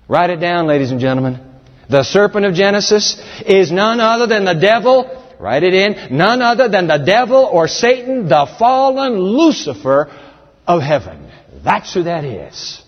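A man's voice: sits high, very animated, a little slow. A man preaching a sermon, emphatic and dramatic, speaking straight to the congregation. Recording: dull sound with long hall reverb.

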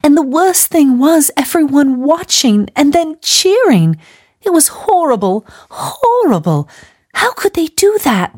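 A woman voicing a young English missionary woman who is crying, with a high, wailing, stammering manner. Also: very animated, a little slow, darkish tone. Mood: distraught.

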